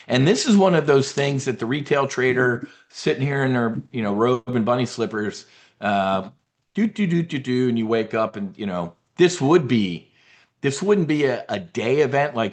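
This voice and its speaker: A man's voice: mid-range voice, lively intonation, normal speed. Brief: cocky male market commentator, rambling, full of himself, off-the-cuff delivery. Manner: brash, boastful, rambling. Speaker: trading newsletter host.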